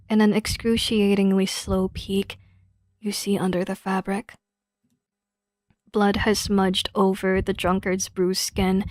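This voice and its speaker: A woman streamer reading a story game's narration aloud in a slow, hushed way, breaking off for blunt, swearing asides. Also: medium pitch, little pitch movement, no room sound.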